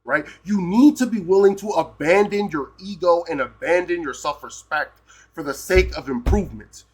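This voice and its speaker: A man from the United States with a high voice rants heatedly on a live stream at a moderate pace. He swears a lot and keeps tacking "right?" onto his points. There's a little hiss or hum in the audio.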